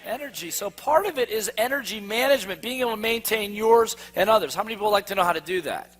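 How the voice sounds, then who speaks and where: A man's voice: high-pitched, fast talker, fairly bright tone, a little hiss or hum. A man giving a sales seminar to a live audience, quizzing them with fill-in-the-blank questions. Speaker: sales trainer. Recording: long hall reverb.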